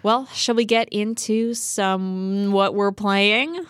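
A woman's voice: mid-range voice, slow, clean tone, no echo. Playful laughing woman host, dry sound. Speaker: podcast host. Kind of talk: casual chat.

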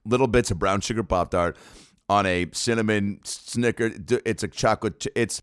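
A man hosting a podcast, reading ads with playful asides and quick self-corrections. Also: on the low side, fairly bright tone, smooth, dry recording, clean studio sound. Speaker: podcast host.

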